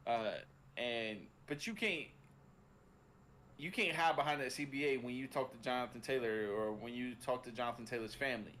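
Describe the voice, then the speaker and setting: Podcast co-host, male, mid-pitched, loose rambling football chat, frequent fillers and profanity. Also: normal speed, a bit bright, slight background noise. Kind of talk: casual sports chat.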